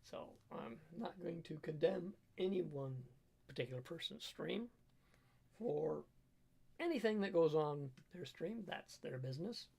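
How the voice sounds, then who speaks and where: A middle-aged man talks casually on a livestream from his home kitchen. His voice is gravelly and a bit husky, and he rambles with lots of stops and restarts while stating firm opinions. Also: fairly high pitch, animated, a little mellow. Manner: rambling, halting, firmly opinionated. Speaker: cook and livestreamer.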